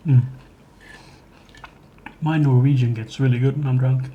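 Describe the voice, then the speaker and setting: A man hosting a live cooking stream, chatting slowly and thoughtfully and chuckling often. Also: mid-range voice, fairly even intonation, dark tone, muffled recording, slight background noise. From Sweden. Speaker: livestream host. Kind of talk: casual chat while cooking. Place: home kitchen. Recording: kitchen clatter behind the voice.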